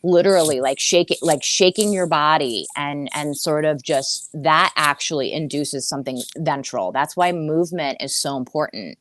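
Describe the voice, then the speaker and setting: A woman's voice: deep voice, moderate pace, few pauses, slight background noise. A woman therapist, a guest on a podcast, explaining ideas earnestly with frequent restarts and rhetorical questions. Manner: steady teaching flow with rhetorical questions.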